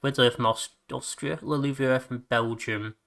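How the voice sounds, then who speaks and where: A man hosts a relaxed podcast chat with friends. His voice is bright and ringing, and he laughs readily. He trips over repeated words when he gets excited. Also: mid-range voice, moderate pace, creaky. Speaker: podcast host. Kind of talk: casual chat.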